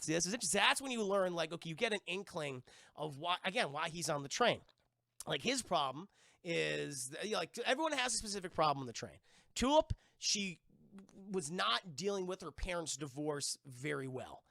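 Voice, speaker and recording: A man with a high, gravelly voice gives a live-streamed episode review, talking straight to his chat. He recaps the scenes with constant swearing and jumps into the characters' lines as he goes. His tone is bright and edgy, and the sound is close and dry. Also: normal speed, dry recording. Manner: animated, profane recap that acts out the characters' lines; addresses the stream chat directly.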